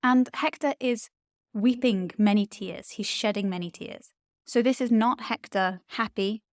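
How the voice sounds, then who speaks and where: A woman's voice: medium pitch, measured pace, dry recording, clean studio sound. A woman Latin tutor, explaining poetry in an enthusiastic, chatty way with frequent ums.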